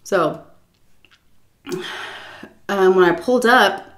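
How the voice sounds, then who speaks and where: A woman's voice: mid-range voice, a bit bright. Chatty woman telling a story over dinner. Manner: chatty, with lots of "like" and "um", pausing to eat. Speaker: YouTuber telling a story while eating. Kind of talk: casual storytelling over a meal. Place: at home, at the dinner table.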